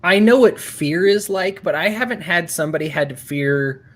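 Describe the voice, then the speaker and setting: A man's voice: on the high side, animated, moderate pace. A man hosting an interview, earnest and rambling, with frequent restarts. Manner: earnest, rambling, often acts out quotes. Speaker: host.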